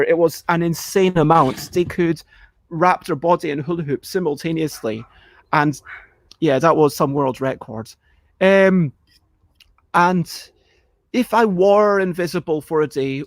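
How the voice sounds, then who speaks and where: A man with a fairly high voice chats casually on his live stream. He rambles and cuts himself off, and now and then he acts out a panicked reaction. The sound is close and dry, with no room echo. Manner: chatty, self-interrupting, acts out panicked reactions. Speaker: livestream host answering viewer questions.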